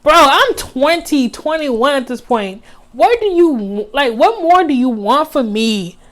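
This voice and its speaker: A woman in her twenties telling a storytime vlog in an animated, emphatic, slangy way. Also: sits high, slow. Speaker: vlogger.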